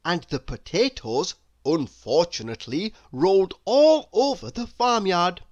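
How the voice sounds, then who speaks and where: A man reading a children's storybook aloud in a slow, very expressive, sing-song way. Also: sits high, muffled recording. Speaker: storybook reader.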